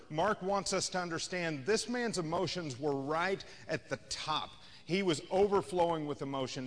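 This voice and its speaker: A man's voice: on the high side, fairly bright tone, big-room sound. A man preaching a sermon as a pastor, in a conversational style that rises and falls in intensity. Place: church sanctuary.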